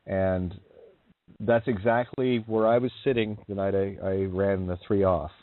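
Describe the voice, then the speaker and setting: A man's voice: low-pitched, steady tone, a little slow, no room sound. A man co-hosting a call-in radio show, speaking bluntly and emphatically. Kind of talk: casual radio call-in chat. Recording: tinny phone line, dry.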